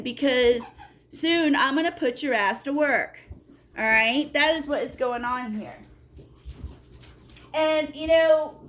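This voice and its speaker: A woman giving a casual tarot reading, talking straight to the viewer in an animated, blunt way and checking in with "okay?". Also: sits high, a little hiss or hum. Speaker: tarot reader.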